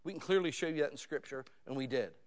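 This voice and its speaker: A male pastor preaching a sermon in a conversational style, dropping to low asides and rising to loud, pleading emphasis. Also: fast talker.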